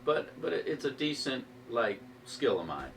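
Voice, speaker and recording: A man from Arkansas, an actor, talking casually and telling stories in animated bursts. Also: medium pitch, normal speed, creaky, distant mic, a little hiss or hum, poor audio. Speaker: actor, podcast guest. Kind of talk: casual chat.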